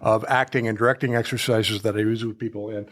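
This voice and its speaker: A man's voice: fairly low pitch, little pitch movement, fast talker, fairly bright tone. A rambling, self-deprecating male podcast host. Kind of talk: conversational interview.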